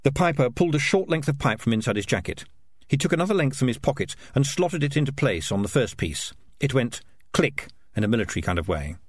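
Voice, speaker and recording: Lively, expressive male audiobook narrator. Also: medium pitch, fast talker, no room sound, studio quality. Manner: expressive storyteller reading.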